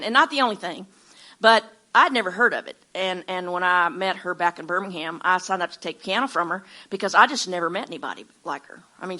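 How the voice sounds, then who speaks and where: A woman's voice: medium pitch, bright, forceful tone. A woman from Alabama with a Southern accent, teaching an informal sermon in a folksy way, often repeating words and restarting her sentences. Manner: storytelling with acted-out quotes. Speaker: Bible teacher.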